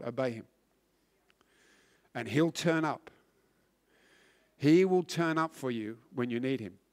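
Emphatic preacher man. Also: on the high side. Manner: earnest and emphatic, swinging from loud to hushed; frequent word restarts. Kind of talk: sermon.

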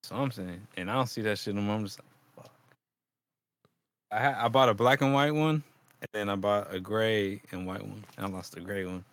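A man's voice: lowish voice, fast. Laid-back slangy man telling a story. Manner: animated, swears a lot, laughs often, slangy. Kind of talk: casual profane storytelling.

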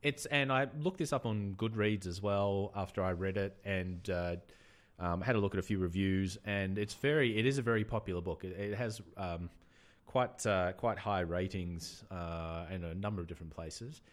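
Man, Australian accent, very deep voice, podcast co-host, casual chat, hesitant, lots of ums. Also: moderate pace. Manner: relaxed, hesitant with many ums.

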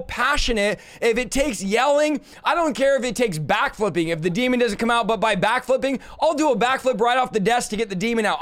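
Male preacher-host, high voice, passionate, bursts into shouts. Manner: fiery, preacherly, swings into shouting. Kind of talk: impassioned panel discussion.

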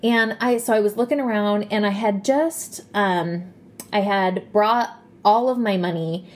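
A woman in her thirties speaks at a middle pitch, telling a personal story and then explaining what it taught her. She rambles, stacking fillers and "right?" checks. Her voice catches as if she is holding back tears. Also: a little mellow. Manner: rambling, with many fillers and tag questions. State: tearful, voice catching. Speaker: self-help speaker.

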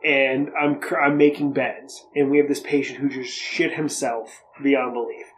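A man's voice: medium pitch, level tone, normal speed, a little hiss or hum, poor audio. A man co-hosting a podcast, telling stories in casual chat with a joking, sarcastic edge and frequent swearing. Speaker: podcast co-host.

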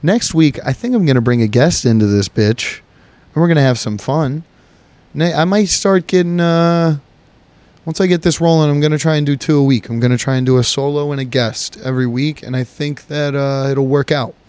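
An American man hosts a solo podcast, rambling, joking, and swearing through a casual monologue. His voice is on the high side, smooth and darkish, at a moderate pace.

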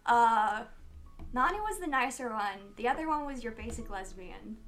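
A woman's voice: on the high side, lively intonation, fairly bright tone, soft background music. A woman narrating as game master of a tabletop game, chatty and giggly. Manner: giggly, chatty, quick to laugh.

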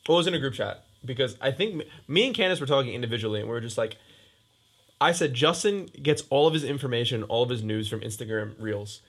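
A young man and podcast co-host in a casual chat, teasing and laughing as he tells about a prank. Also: fast talker. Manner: teasing, laughing, lively pitch.

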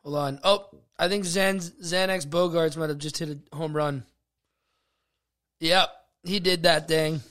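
A man co-hosting a casual podcast, giving blunt, crude opinions and muttering low asides. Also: fairly even intonation, unhurried, fairly bright tone. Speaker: podcast co-host. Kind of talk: casual chat.

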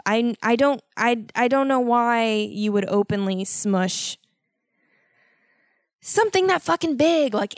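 Swearing, animated young woman podcaster. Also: high voice, dry recording, clean studio sound. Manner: animated, swears constantly, mock-dramatic exasperation. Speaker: podcast host. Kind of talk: solo podcast storytelling.

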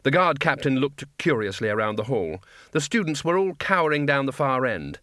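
A man reading a comic fantasy audiobook in a dry, measured storytelling manner. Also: medium pitch, expressive, pushed and bright, no echo. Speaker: audiobook narrator. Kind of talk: scripted narration.

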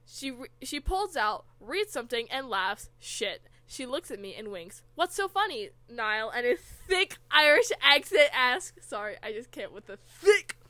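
A woman's voice: fairly high pitch, very animated, measured pace, hardly any pauses, a bit bright, dry recording. A woman co-hosting a comedy podcast, reading fanfiction aloud with frequent giggles and banter. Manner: giggly, often laughing mid-sentence.

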